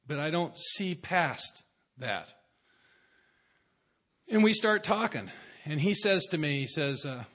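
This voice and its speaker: A man's voice: a little high, expressive, takes it slowly, long pauses, a bit bright. A man speaking at a recovery meeting, telling a personal story in a wry, self-mocking way.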